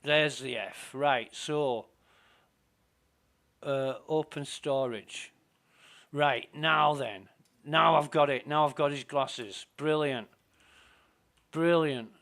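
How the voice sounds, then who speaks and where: A man's voice: medium pitch, gravelly, pushed and bright. A man giving casual, self-mumbling commentary while playing a space game. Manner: slow, muttering to himself, self-deprecating.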